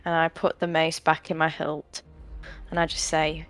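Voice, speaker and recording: A woman's voice: low voice, level tone, moderate pace, a bit bright, faint music behind. A woman player describing her character's actions in a tabletop game, hesitant and giggly. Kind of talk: casual tabletop play.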